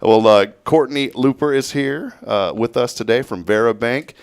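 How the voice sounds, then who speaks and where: A man's voice: medium pitch, normal speed, gravelly, clear, resonant tone. A man with a Texan accent hosting a casual morning radio show, folksy and joking with his guests.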